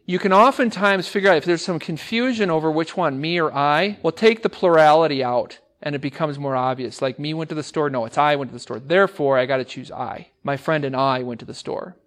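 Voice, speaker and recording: A male English teacher giving a classroom lecture to speech students, energetic and often asking the class questions and repeating words for emphasis. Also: on the high side, fairly quick, few pauses.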